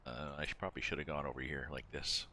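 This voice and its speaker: A man's voice: very deep voice, level tone, fast talker, sharp tone, a little hiss or hum. A man streaming a farming game, chatting casually and thinking aloud as he goes. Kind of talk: casual gameplay chat.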